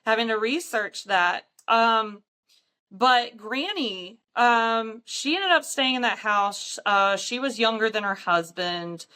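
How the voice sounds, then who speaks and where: A woman's voice: a little high, slow, pushed and bright, clear, resonant tone. A woman, a paranormal investigator, telling stories in a casual chat with frequent ums and light laughs.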